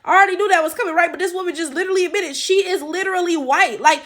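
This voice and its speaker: A woman's voice: very high-pitched, rapid-fire, fairly bright tone. A woman giving blunt, profane, incredulous reaction commentary full of rhetorical questions. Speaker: reaction channel host.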